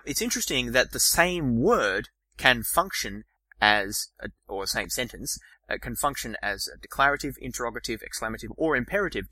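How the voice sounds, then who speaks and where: A man hosting a podcast, explaining ideas in a lecture style, talking fast with frequent restarts and fillers. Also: medium pitch, pushed and bright, no room sound, poor audio. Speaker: podcast host.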